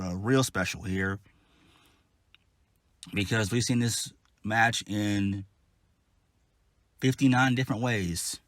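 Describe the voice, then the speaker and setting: A man's voice: lowish voice, fairly bright tone, dry recording, clean studio sound. A man giving a casual solo wrestling review, blunt, exasperated and profane.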